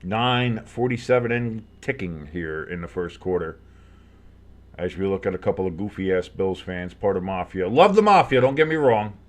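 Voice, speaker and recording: A man's voice: sits low, expressive, moderate pace. A man calling football play-by-play with casual reactions, rambling through many fillers and rising sharply on big plays. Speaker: sports fan commentator.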